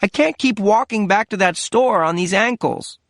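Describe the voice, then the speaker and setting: Male narrator as shrill older mother, scolding audiobook character, raised pitch. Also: normal speed, a bit bright, no room sound, studio quality. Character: older woman, a nagging, complaining mother.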